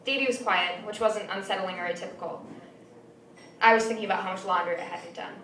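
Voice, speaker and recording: A woman's voice: medium pitch, steady tone, brisk, a bit bright. Young woman reading her story live, kinda dry delivery, roomy room, mic a bit far off, faint background hum. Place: small venue.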